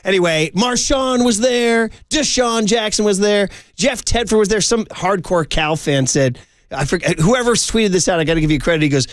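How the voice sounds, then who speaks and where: High-voiced excitable sports talk host. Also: male voice, normal speed, no room sound, clean studio sound. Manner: excitable, slangy, riffing with a co-host.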